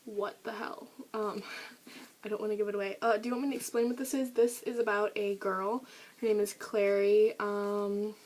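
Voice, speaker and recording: A woman's voice: medium pitch, a little mellow, a little hiss or hum, low-quality recording. A teenage girl chatting eagerly about her favorite books, with lots of fillers, recorded on a camera mic. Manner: gushing, chatty, many fillers. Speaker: book vlogger. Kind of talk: casual book review vlog.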